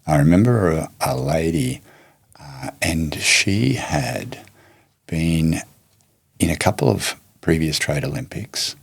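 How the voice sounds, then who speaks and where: A man, a podcast guest telling stories in a reflective, unhurried way. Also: a bass voice, animated, gravelly, husky. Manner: reflective, unhurried anecdotes with many restarts. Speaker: martial arts teacher and guest. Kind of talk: storytelling in a podcast interview.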